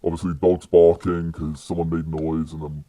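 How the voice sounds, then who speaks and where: A young man with a British accent and an extremely deep voice tells a story on a podcast. His tone is dark and mellow, and his telling rambles along with many fillers and restarts. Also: flat delivery, normal speed, no room sound. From United Kingdom. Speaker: podcast guest. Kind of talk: casual storytelling.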